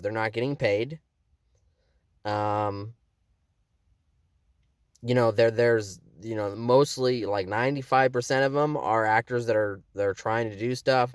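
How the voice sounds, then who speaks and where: A man's voice: on the low side, no echo, studio quality. A young man, an actor, casually explaining things in a vlog, rambling with many fillers and restarts. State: has the hiccups. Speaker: actor and video maker.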